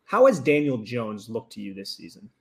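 A man's voice: mid-range voice, very animated, moderate pace. A man co-hosting a podcast in casual chat, talking in a dry, joking way. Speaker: podcast co-host.

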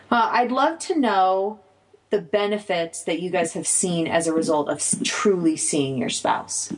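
A woman hosting a casual group conversation, upbeat and quick to laugh. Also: sits low, low-quality recording. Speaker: podcast host.

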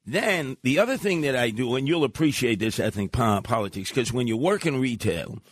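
An older man, co-hosting a talk radio show and telling loud, blustery stories in which he acts out his own shouting. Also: mid-range voice, animated, moderate pace. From Brooklyn, New York. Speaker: radio co-host. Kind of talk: animated storytelling.

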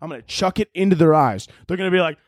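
A man doing a crude, rambling comedy monologue as a podcast host, now and then shouting out other people's lines. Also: a little high, lively intonation, fast talker. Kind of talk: comedic monologue answering listener questions.

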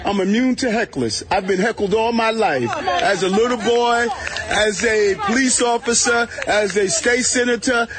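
A man's voice: very high-pitched, a bit bright. A man serving as city mayor, speaking at outdoor events and dismissively laughing off hecklers. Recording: outdoor press event with crowd.

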